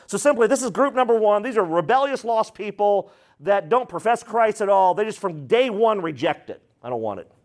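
A man with a high-pitched voice preaches a sermon. His delivery is emphatic and dramatic, and he acts out the voices of the people he quotes. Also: animated, normal speed, hardly any pauses. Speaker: pastor.

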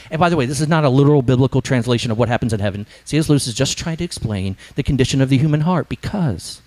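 A man preaching a sermon in an animated, emphatic storytelling manner. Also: on the high side. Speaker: pastor.

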